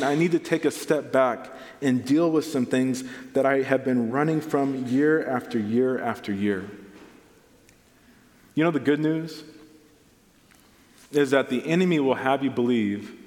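A man's voice: medium pitch, moderate pace. A young adult man preaching a sermon as a pastor, earnest and storytelling, acting out what people said. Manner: earnest, storytelling with acted-out quotes. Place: church auditorium. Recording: long reverb of a large hall, soft guitar behind. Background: soft guitar music.

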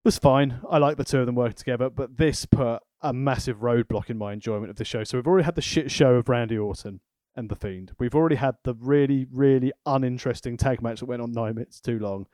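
A man's voice: mid-range voice, quick pace, dark tone, no room sound. A man co-hosting a casual wrestling podcast, talking with dry, sarcastic wit. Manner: wry, sarcastic commentary.

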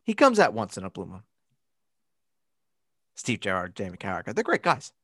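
A man co-hosting a casual sports podcast, chatting and breaking into loud commentator and accent impressions. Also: fairly low pitch, huge pitch swings, normal speed, breathy edge, dry recording, studio quality. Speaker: podcast co-host.

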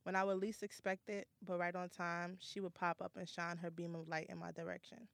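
A woman guest reading a heartfelt prepared tribute to a friend, slow and tender. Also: lowish voice, flat delivery, creaky, no echo.

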